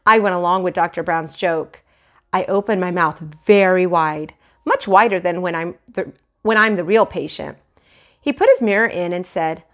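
A woman teacher reading a children's chapter book aloud in an expressive storytelling manner. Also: fairly low pitch, normal speed. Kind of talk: children's read-aloud narration.

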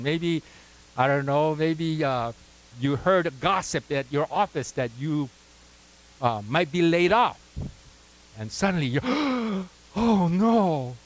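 Man preaching, fairly high voice, chatty, call-and-response with the congregation. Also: poor audio. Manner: call-and-response, prompting the congregation to fill in words; conversational, with asides like "right?" and "you know". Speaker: pastor. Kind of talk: sermon.

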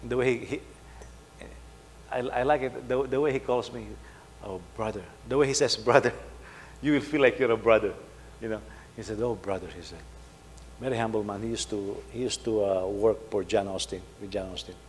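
A middle-aged man, preaching a sermon, telling a story and swinging between loud emphasis and soft asides. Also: on the low side, steady tone, fairly quick. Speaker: pastor. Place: church hall. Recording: faint hum, long hall reverb.

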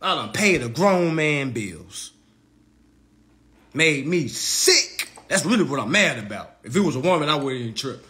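Guy roasting folks on a livestream, high bright voice, cussing a lot and laughing. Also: measured pace. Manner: animated, profane, laughs often. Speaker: livestream host.

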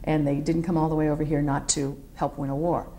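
In an oral history interview, a middle-aged woman who served in the military recalls her service in a low, fast voice, with slight background noise. She's an animated, digressive storyteller who acts out what other people said.

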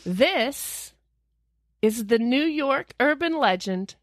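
A woman's voice: slow, dry recording, clean studio sound. A young adult woman co-hosting a podcast, telling stories in casual chat and reading news clippings aloud with playful asides. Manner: animated, swoops into high squeals for emphasis. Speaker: podcast co-host.

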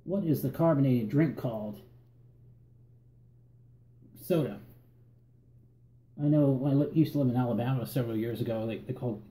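A man with a Northern Virginia accent reading an accent tag word list in a relaxed, halting way and often repeating words. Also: mid-range voice, roomy sound. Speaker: vlogger.

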